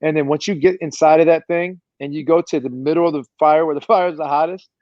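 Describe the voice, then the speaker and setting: A man with a higher-pitched voice talks like a fired-up coach, pushing hard on motivation and energy. His voice comes through a dull, lo-fi video call, and the sound is very dry with no room to it. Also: fairly even intonation, quick pace, no room sound. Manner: fired-up, motivational, preachy delivery. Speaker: performance coach, guest. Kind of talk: energetic podcast interview talk.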